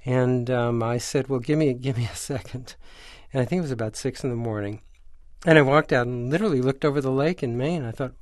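A man's voice: mid-range voice, brisk, dry recording, studio quality. An older man, a screenwriter, telling a story in a radio interview and acting out the voices of the people in it. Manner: animated anecdote teller, acts out quoted voices. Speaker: screenwriter guest.

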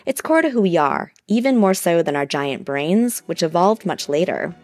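A woman science reporter narrating a scripted radio news feature in a measured, explanatory way. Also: on the low side, sing-song, a little mellow, faint music behind.

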